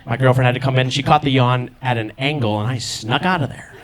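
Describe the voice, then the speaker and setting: A man's voice: medium pitch, fast talker. A young man doing playful stand-up, chatting with the audience on a handheld mic in a comedy club. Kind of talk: musical stand-up with crowd work. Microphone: handheld stage mic.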